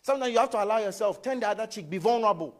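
A man preaching a sermon in a church. He swings between loud emphasis and quiet asides and keeps asking the congregation questions. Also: high-pitched, very fast. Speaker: pastor.

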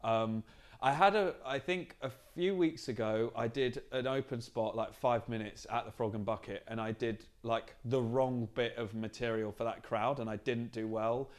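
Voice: mid-range voice, normal speed. Non-binary comedian musing, full of restarts. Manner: thoughtful, searching, many restarts. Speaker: comedian guest. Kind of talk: casual chat. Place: green room backstage.

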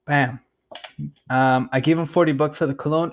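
A man's voice: medium pitch, steady tone, moderate pace. Casual young man telling a story. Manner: loose, profane, rambling with lots of fillers and "dude". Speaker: podcast host.

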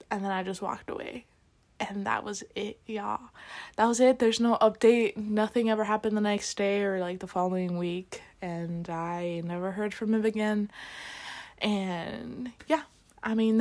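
A young woman vlogging casually, retelling a story with lots of quoted dialogue and filler words. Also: medium pitch.

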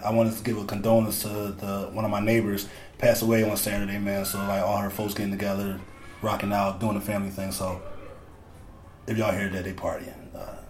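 A man hosting a casual podcast, telling profane, animated stories and joking with his co-hosts. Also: lowish voice, echoey room. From Philadelphia. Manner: profane, storytelling, quick-talking. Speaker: podcast host.

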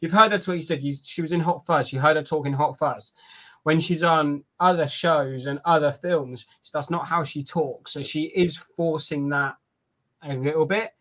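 A British man co-hosting a podcast, chatting casually in an animated way. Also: a little high, moderate pace. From Britain. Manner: animated, restarts often. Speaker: podcast co-host.

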